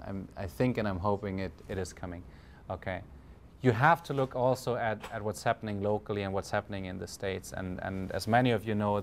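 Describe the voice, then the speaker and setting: A man's voice: lowish voice, a little hiss or hum. A man with a German accent giving a conference talk, hesitant, with many fillers and restarts. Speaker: panel speaker.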